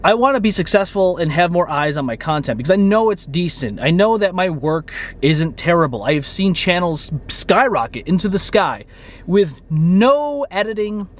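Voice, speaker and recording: A man's voice: high-pitched, expressive, normal speed, slight background noise. A man in his thirties, a YouTube creator and podcaster, talking candidly to the camera in an earnest, rambling way, often repeating phrases for emphasis.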